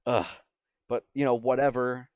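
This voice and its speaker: A man's voice: mid-range voice, flat delivery, moderate pace, darkish tone, clear, resonant tone, no room sound. A young man talking through a casual video game review in a chatty, exasperated way, often trailing off and restarting. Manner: chatty and exasperated, with many fillers and self-interruptions.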